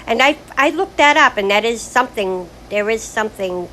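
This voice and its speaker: A woman's voice: on the high side, lively intonation, normal speed, sharp tone, a little hiss or hum, rough recording. An older woman talking frankly in a rambling, casual monologue about her life, full of restarts. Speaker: grandmother sharing life stories.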